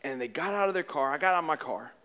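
High bright-voiced male preacher. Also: fast. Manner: animated, conversational preaching with humor and repetition. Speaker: pastor. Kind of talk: sermon.

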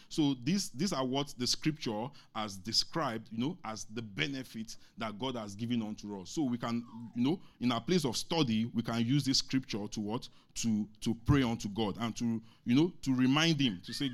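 A man preaching a sermon, reading scripture slowly, asking the congregation questions and pausing on many fillers. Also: fairly low pitch. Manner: asks the congregation questions and lets them answer; halting, many fillers and restarts.

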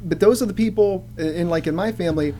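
A man telling funny stories in casual chat as a comedian guest, often jumping into loud character voices. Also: high-pitched, fast, slight background noise.

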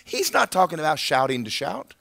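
A male preacher delivering a sermon in an emphatic, conversational manner. His voice is bright and slightly high, with a lively, swinging pitch. He often checks in with his listeners. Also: brisk, creaky.

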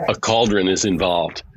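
A man's voice: low-pitched, a little slow, no room sound. A man explaining security threats in casual podcast talk, slipping dry jokes into his explanations. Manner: dry joking asides in explanations. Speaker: security analyst guest.

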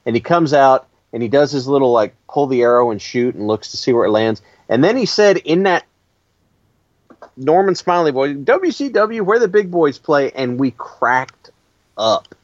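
Male podcast host, animated storyteller, dry dull recording. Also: medium pitch, moderate pace, no echo. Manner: animated storytelling, laughs often. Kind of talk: casual chat.

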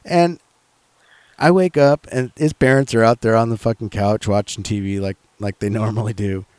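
A man's voice: on the low side, fairly even intonation, brisk, darkish tone, dry recording. A man casually telling a rambling, profanity-heavy story in a chat.

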